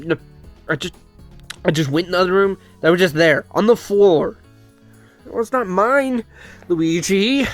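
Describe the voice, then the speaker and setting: A man's voice: sits high, lively intonation, normal speed, long pauses, faint music behind. A man performing a casual comedy skit, stammering and bickering in an exasperated way. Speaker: comedy video creator voicing several characters.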